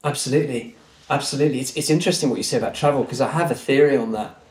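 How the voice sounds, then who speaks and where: A man guest on a podcast, telling a story in an earnest, animated way. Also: medium pitch, racing. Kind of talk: conversational storytelling. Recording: roomy echo.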